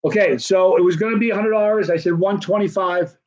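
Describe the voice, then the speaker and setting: A man's voice: high-pitched, steady tone, brisk, a little mellow. A man hosting a casual livestream, rambling through a friendly sales patter. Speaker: livestream host selling signed hot sauce. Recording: dull, muffled lo-fi sound.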